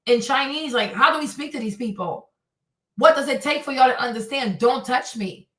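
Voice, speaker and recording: A woman's voice: high voice, a bit bright, distant mic. Sarcastic, profane woman ranting in a roomy space. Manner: blunt, profane, sarcastic, laughing. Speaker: livestream host. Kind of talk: casual commentary rant. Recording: roomy sound, voice off-mic.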